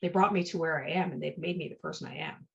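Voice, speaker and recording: A woman's voice: low-pitched, fast, vocal fry. A woman hosting a podcast, telling personal stories in a casual, heartfelt way and often checking in with "right?". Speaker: podcast host. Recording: dull lo-fi sound.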